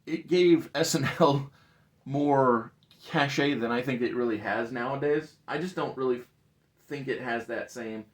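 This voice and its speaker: A man co-hosting a casual movie review chat, talkative and quick to laugh. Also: mid-range voice. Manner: laughs often, chatty. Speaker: podcast co-host.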